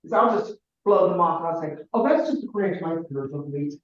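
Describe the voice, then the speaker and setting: A woman in her sixties from Ohio, telling a personal family story in a rambling, halting way with many restarts. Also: low voice, animated. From Ohio, United States. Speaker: caller sharing her story. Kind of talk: personal storytelling in a group call. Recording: very echoey, distant, muffled.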